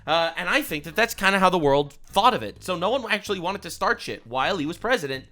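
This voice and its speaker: A young man hosting a profane, animated reaction commentary vlog, ranting as he talks. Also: sits high, quick pace, soft background music. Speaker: online commentator.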